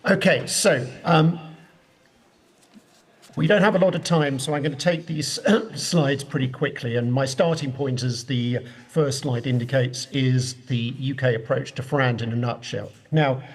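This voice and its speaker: English judge giving remote keynote. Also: male voice, medium pitch, slightly rough. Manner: measured, explanatory, emphatic summaries. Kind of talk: conference keynote over video link. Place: his room at the court, joining remotely. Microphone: video call.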